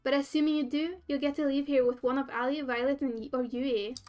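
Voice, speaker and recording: A woman's voice: high voice, fairly even intonation, brisk, darkish tone, faint music behind, close to an everyday voice. A woman reading the lines of an upbeat host on a dating show in a game.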